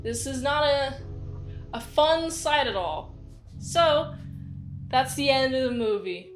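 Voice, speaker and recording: High-pitched woman rambling through a movie recap, slow and giggly. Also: animated, soft background music. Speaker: movie reviewer. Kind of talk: casual spoken movie recap.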